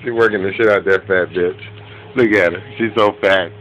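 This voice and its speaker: A man filming his dogs at home on a handheld camera, giving an excited, laughing, profane running commentary that turns quieter near the end. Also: moderate pace, a little hiss or hum, low-quality recording. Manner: quieter and lower toward the end. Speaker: dog owner filming his pets. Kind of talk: casual home video commentary. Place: room in a home with a bed.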